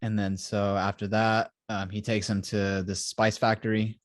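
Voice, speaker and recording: At a moderate pace, a man with a fairly low voice speaks in a level tone; the studio recording is clean with no echo. As a podcast co-host in a casual review, he rambles through scenes, performs "he's like" quotes, and laughs a lot.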